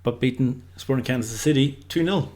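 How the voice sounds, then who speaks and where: A man's voice: mid-range voice, moderate pace, a little mellow. A man giving casual, unscripted football predictions, rambling loosely and leaning on lots of filler words. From Ireland.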